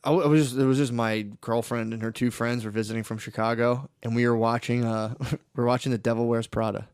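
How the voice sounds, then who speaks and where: A man's voice: medium pitch, level tone, quick pace, a little mellow, smooth, no room sound, studio quality. A man hosting a comedy podcast, rambling through profane, self-mocking riffs with acted-out quotes. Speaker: podcast host. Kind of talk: casual comedy chat.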